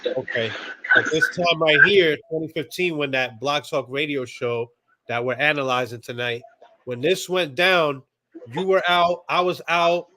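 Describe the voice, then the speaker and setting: A man's voice: fairly high pitch, measured pace, bright, forceful tone, slight background noise. A man hosting a casual commentary show, talking emphatically. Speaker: podcast host. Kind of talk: casual commentary on archive audio.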